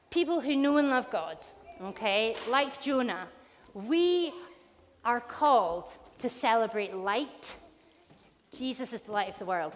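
A woman giving a lively all-age church talk, playful and animated, asking the children questions as she retells a story. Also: on the high side, a little hiss or hum. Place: church hall. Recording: long reverb in a church hall.

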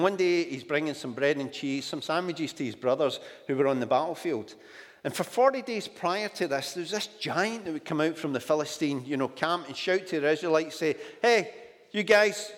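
A Scottish man preaching a sermon in a storytelling way, often adding "do you know" asides. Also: on the high side. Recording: long hall reverb.

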